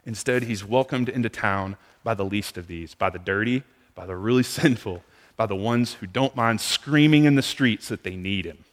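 A man preaching a sermon in a conversational way, moving between hushed, quiet passages and near-shouted ones. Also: on the low side, moderate pace. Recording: long reverb of a large hall.

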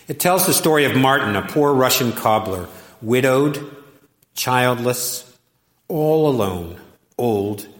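Slow, deep-voiced pastor in an echoing church. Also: male voice. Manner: slow, measured, emphatic pauses. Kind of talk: storytelling sermon. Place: church sanctuary. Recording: echoey church with long reverb.

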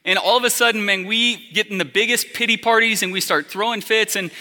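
A man's voice: high voice, fairly quick, pushed and bright. A man in his thirties preaching a sermon as a pastor, telling stories in a casual, conversational way with lots of fillers. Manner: conversational storytelling with many fillers. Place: church hall. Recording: long hall reverb.

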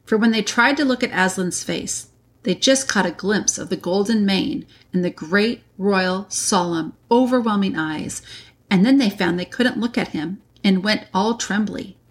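A woman reads a classic children's novel aloud with measured, deliberate pacing. Her voice sits at an ordinary middle pitch. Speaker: reader. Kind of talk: audiobook narration.

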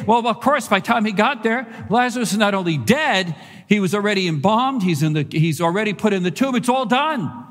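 High-voiced preacher in a reverberant hall. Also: male voice, normal speed. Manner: animated, conversational preaching with repeated phrases. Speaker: pastor. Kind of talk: sermon. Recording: long reverb of a large hall.

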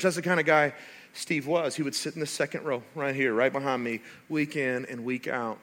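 A man, a pastor, preaching a sermon and telling stories with animated, rising emphasis. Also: mid-range voice, fairly quick.

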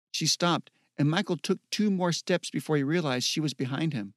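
A man narrating an audiobook in a steady, measured reading. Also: on the high side, dry recording, studio quality.

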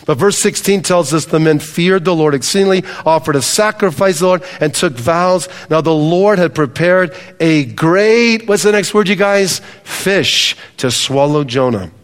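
A man's voice: fairly high pitch, expressive, normal speed, few pauses. Man preaching in a reverberant hall. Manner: conversational preaching, addresses congregation directly. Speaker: pastor. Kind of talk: sermon. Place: church hall with congregation.

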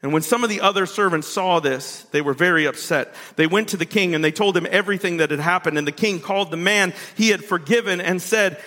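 Pastor preaching loud and animated, highish voice, long church-hall reverb. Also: male voice, fairly quick, hardly any pauses. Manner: animated preaching with big pitch swings. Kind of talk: sermon. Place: church sanctuary.

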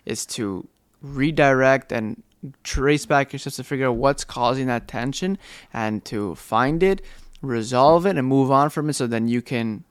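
A young man co-hosting a casual couple's podcast, relaxed and agreeable, with lots of filler words. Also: medium pitch, measured pace, clean tone, no echo. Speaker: podcast co-host.

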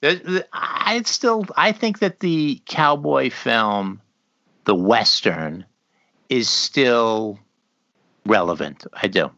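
This male co-host has a mid-range, expressive voice and takes his time, sounding pushed and bright. He curses freely in a relaxed podcast conversation, wandering through ideas and frequently breaking off to begin again. There's no room sound, just a slightly dull lo-fi quality.

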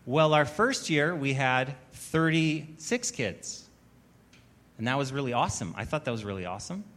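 A man preaching a sermon as pastor, telling a story with wry, self-mocking humor and building to louder, emphatic preaching. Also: medium pitch, animated, moderate pace.

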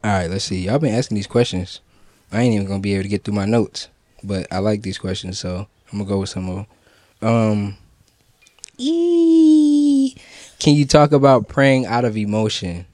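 A man co-hosting a faith podcast, talking in a relaxed, slangy, conversational way. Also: fairly low pitch, normal speed, no echo. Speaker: podcast co-host. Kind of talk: casual chat about prayer.

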